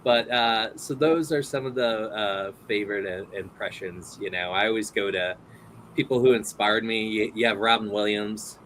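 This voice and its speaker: A man's voice: on the low side, steady tone, moderate pace, a bit bright, a little hiss or hum, rough recording. A man hosting a casual interview, telling rambling stories full of fillers and laughs. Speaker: host.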